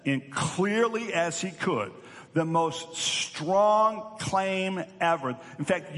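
A man's voice: on the high side, fairly bright tone. A male pastor giving an earnest teaching sermon, often repeating words as he restarts. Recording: long hall reverb.

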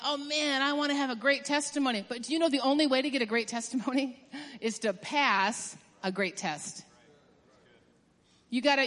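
A woman preaching a sermon in an emphatic way, rushing through some phrases and stretching out others for stress. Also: high-pitched, fairly bright tone. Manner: emphatic, swings from quick bursts to drawn-out stresses. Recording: long hall reverb.

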